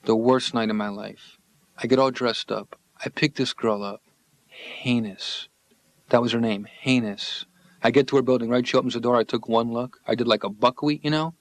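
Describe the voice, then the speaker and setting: A man's voice: mid-range voice, steady tone, moderate pace, no echo, lightly acted. A man voicing a comedian patient who tells punchy, slangy stand-up jokes to his therapist. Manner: brash, punchy joke-telling, slangy. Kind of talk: stand-up routine.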